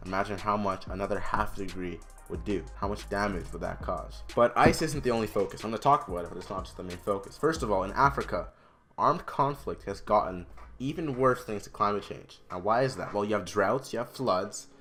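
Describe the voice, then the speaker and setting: A man's voice: fairly low pitch, a little fast, a bit bright, soft background music. A teenage boy in a casual explainer vlog, chatty and emphatic, with restarts and side remarks. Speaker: student presenter.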